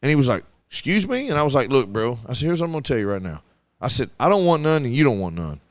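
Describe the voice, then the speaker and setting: A man co-hosting a casual talk show, telling a story in a lively, profane way and acting out the quotes. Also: medium pitch, racing, no echo. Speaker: radio show co-host.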